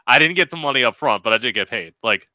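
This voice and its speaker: A man's voice: medium pitch, lively intonation, quick pace, bright, forceful tone, dry recording. A man hosting a podcast in casual chat, laughing and chiming in. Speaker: podcast host.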